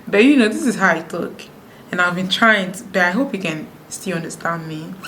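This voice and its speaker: A woman from Nigeria talking fast to camera in a sit-down vlog, with frequent restarts. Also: lowish voice, animated, bright, forceful tone, slight background noise. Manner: talks fast, many restarts. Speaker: YouTuber. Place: indoors, sit-down video.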